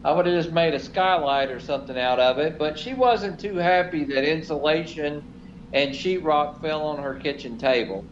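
Rambling and full of fillers, this middle-aged show regular shares a story that pokes fun at himself during casual conversation. He speaks at a moderate pace in a fairly high voice, over a slightly dull recording with faint noise.

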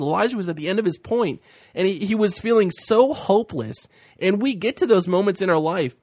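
A man with a fairly high voice, teaching through a Bible story on a faith talk show. He is animated and voices the characters' pleas with feeling. The recording is close and dry. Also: fairly quick, no echo. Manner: animated, acting out the biblical speakers' lines.

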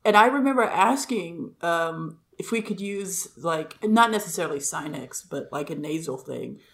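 A woman's voice: lowish voice, expressive, moderate pace, a bit bright. A woman co-hosting a podcast, telling a story in a loose, chatty way full of "like" fillers. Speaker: podcast co-host. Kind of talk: casual chat.

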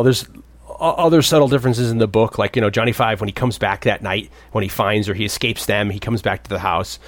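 A man in his thirties co-hosting a casual movie podcast, rambling and often jumping up in pitch to act out the characters. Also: no room sound. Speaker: podcast co-host.

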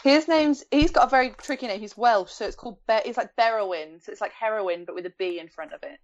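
A woman's voice: a little high, fast talker, a little hiss or hum. Young woman, chatty, laughs a lot, muffled lo-fi audio. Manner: giggly, chatty. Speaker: guest host. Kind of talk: casual chat. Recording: dull lo-fi audio.

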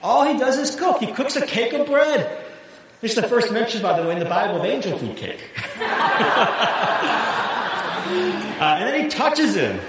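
A man preaching a sermon as pastor, animated and laughing at his own jokes. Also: very high-pitched, measured pace, long pauses. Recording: echoey hall with long reverb, faint hiss.

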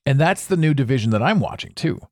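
A man's voice: medium pitch, expressive, fast, a little mellow, no echo, clean studio sound. A man hosting a solo podcast monologue, opinionated and sarcastic, talking conversationally and tossing in rhetorical questions. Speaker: podcast host.

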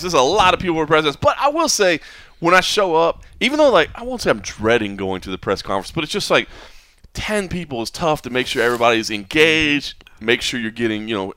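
A man hosting a podcast in casual chat, lively and rambling, with plenty of fillers and restarts. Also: fairly high pitch, fast talker, no room sound. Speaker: podcast host. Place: hotel or venue room.

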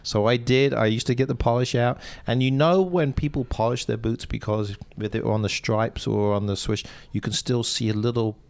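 A man's voice: medium pitch, steady tone, moderate pace, creaky, hardly any pauses, darkish tone. Casting note: English man, podcast co-host, easygoing and cheerful, middle voice. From England. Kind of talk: casual chat.

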